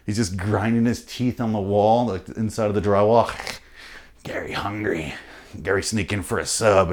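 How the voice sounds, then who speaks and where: Profane rambling comic man. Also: fairly low pitch. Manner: profane, riffing, animated with sudden loud bursts. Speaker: comedian host.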